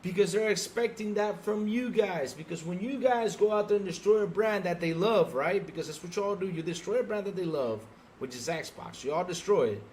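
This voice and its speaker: A man's voice: high voice, expressive, brisk, darkish tone, slight background noise. A man co-hosting a gaming podcast, ranting heatedly and exasperatedly at his audience with rhetorical questions. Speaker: podcast co-host. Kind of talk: ranting livestream podcast talk.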